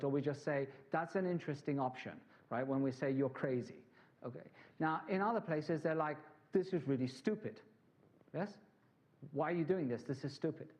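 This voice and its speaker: A man's voice: a little high, darkish tone, dull audio. A man from England, giving a conversational conference talk full of anecdotes and asides to the audience. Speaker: conference speaker.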